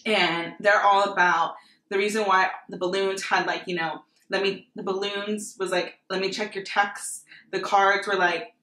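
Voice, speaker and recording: Playful female co-host, crisp bright tone, roomy echo, jokey casual chat. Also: medium pitch, fairly even intonation, moderate pace. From Latin American background. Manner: teasing, laughs often, lots of "like". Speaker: guest co-host.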